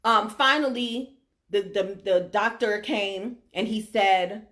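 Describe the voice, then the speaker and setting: Speaking slowly in a medium-pitched, slightly bright voice, a middle-aged vlogger recounts her diagnosis to viewers. She is emphatic and frequently checks in with them.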